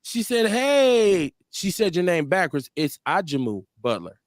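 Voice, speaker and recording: A man hosting a casual livestream talk show, joking around and reading viewer comments aloud in a relaxed way. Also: a little high, moderate pace, no echo, studio quality. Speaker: host.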